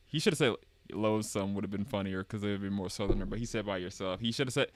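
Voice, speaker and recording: A man's voice: on the low side, fast, dry recording. A man streaming a game, joking as he reads, stumbling over names and laughing at himself. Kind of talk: game live stream commentary.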